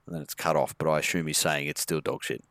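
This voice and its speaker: A man's voice: extremely low pitch, little pitch movement, fast, a bit bright, no room sound. A man co-hosting a casual podcast, reading out tweets and swearing freely. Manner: swearing, joking, playful put-on accents. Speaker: podcast co-host.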